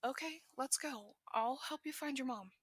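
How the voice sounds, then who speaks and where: A woman voicing a kind teenage boy who calmly reassures a lost child. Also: high-pitched, normal speed, no echo, clean studio sound, voice pushed up. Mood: gentle. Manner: soft, reassuring.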